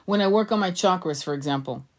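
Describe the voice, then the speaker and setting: A woman's voice: fairly low pitch, fast talker. A woman talking to her viewers as a spiritual coach and tarot reader, earnest and rambling, often repeating words as she restarts her sentences. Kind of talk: casual spiritual teaching monologue.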